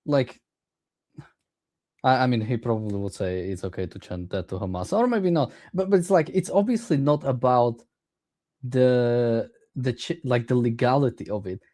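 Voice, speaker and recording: A man co-hosting a casual political chat, talking excitably and indignantly, full of "like" and restarts. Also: medium pitch, normal speed. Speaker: co-host.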